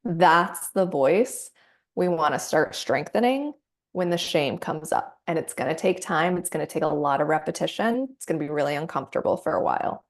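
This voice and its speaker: A woman practitioner guiding a client through a somatic coaching session, gentle and encouraging. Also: deep voice, animated, moderate pace. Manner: gentle, encouraging, acts out inner voices.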